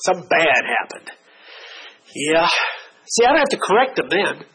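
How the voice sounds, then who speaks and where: A middle-aged man preaching a sermon, telling stories with lively, animated delivery and a husky voice. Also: moderate pace, low-quality recording. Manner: animated storytelling with big pitch swings. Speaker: pastor.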